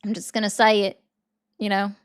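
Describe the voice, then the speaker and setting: A woman hosts a livestream in a chatty, rambling way, reading viewer comments aloud, answering them, and thanking viewers. Her medium-pitched voice is smooth, with a flat delivery and moderate pace.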